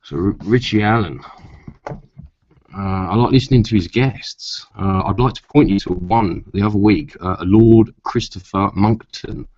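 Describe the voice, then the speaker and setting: A man's voice: on the low side, a little slow, darkish tone, dry recording. A man chatting casually to camera in a rambling way, with many asides, and swearing when riled. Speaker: vlogger. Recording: dull lo-fi sound.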